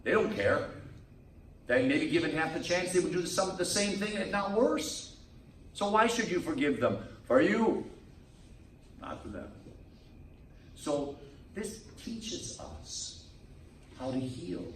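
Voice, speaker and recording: A man, a priest, preaching a sermon to a men's group in a lively manner. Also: on the high side, a little slow, pauses often, echoey room, recorded from a distance, slight background noise, rough recording. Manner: lively preaching, acts out quoted people. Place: meeting room.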